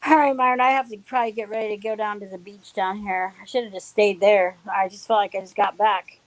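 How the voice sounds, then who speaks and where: A woman's voice: mid-range voice, steady tone, fast, dry recording, low-quality recording. A woman in a casual live-stream chat over a video call, friendly and laughing often.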